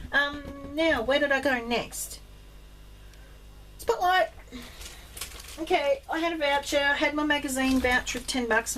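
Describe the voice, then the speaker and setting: Chatty Australian woman rambling about craft finds. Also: slight background noise. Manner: chatty, rambling, many ums, bursts of excited high pitch. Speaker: craft vlogger. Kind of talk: casual rambling chat.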